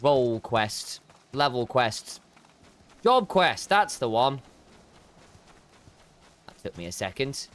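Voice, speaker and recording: A man's voice: medium pitch, very animated, takes it slowly, long pauses, fairly bright tone. A man casually chatting with viewers while he plays and streams a game. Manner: chatty, talks to viewers between game actions. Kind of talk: casual chat while gaming.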